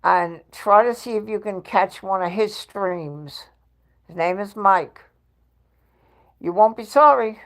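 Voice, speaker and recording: Woman hosting a relaxed home livestream, slow and chatty, laughs a lot, reads the chat out. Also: mid-range voice. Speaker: livestream host. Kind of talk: casual live-stream chat.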